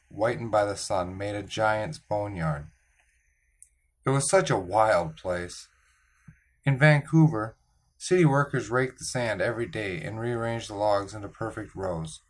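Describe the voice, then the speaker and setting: A man reading a children's novel aloud in calm, measured storytelling narration. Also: mid-range voice. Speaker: audiobook reader.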